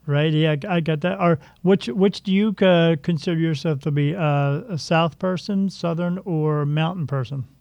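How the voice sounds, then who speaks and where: A man's voice: on the high side, normal speed, gravelly, few pauses, darkish tone, clean tone, dry recording. A man hosting a spiritual podcast, chatting casually in a rambling, jokey way with plenty of filler words. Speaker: podcast host. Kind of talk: casual chat. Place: Delaware.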